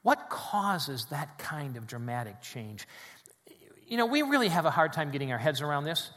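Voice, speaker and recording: A male pastor delivers a sermon in a church sanctuary, his fairly high voice trailing off into a long reverb. He rises to loud emphasis on key phrases, then drops to a quiet, low delivery. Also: very animated, moderate pace. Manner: dynamic preaching, swings between loud emphasis and quiet drops.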